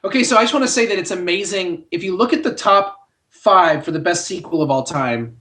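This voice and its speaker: A man with a high voice that leaps around in pitch chats casually about films as a podcast co-host. He is animated and jokey, full of wry asides and playful exaggeration. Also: a little fast. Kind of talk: casual movie chat.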